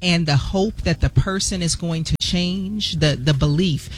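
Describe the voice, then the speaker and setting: A man with a somewhat high voice talks through his points in a measured, explanatory way. He sounds earnest and steady, like a guest in a casual panel conversation. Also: soft background music. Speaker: podcast guest discussing relationships.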